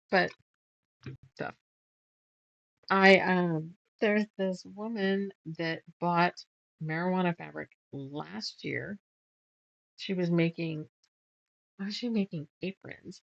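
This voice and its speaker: A woman's voice: on the low side, vocal fry, a bit bright, no room sound, highs cut off. A middle-aged woman chatting casually while she quilts, rambling through stories, trailing off and laughing at herself. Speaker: quilting vlogger. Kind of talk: casual chat while sewing.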